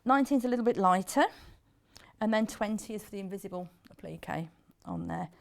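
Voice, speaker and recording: Fast-talking, gravelly woman demonstrator. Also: mid-range voice. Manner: brisk, practical explaining. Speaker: sewing machine demonstrator. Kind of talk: product demonstration.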